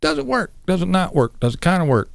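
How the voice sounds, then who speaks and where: A man's voice: high-pitched, wildly swooping pitch, fast, gravelly, no room sound. A man hosting his own vlog, ranting bluntly and crudely with lots of swearing. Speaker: vlog host.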